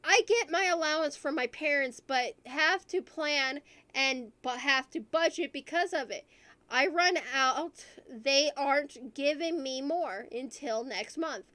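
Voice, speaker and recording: High-voiced woman hosting a podcast. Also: measured pace, sharp tone. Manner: earnest, thinks aloud, asks guests questions. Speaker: podcast host. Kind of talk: casual chat.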